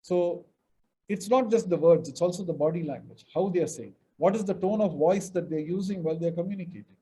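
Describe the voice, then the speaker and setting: A man's voice: sits high, fairly quick, warm tone, a little hiss or hum, poor audio. A middle-aged man from India giving a webinar lecture on mediation, stressing words emphatically and acting out example sentences. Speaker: mediation trainer.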